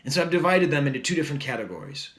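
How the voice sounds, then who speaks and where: A man talks through an album review in a loose, enthusiastic ramble, full of "like" and "you know," with jokey asides along the way. His voice sits a little high for a man. The room around him is roomy and echoey. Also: very animated, racing, fairly bright tone. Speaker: music reviewer. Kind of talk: casual record review monologue.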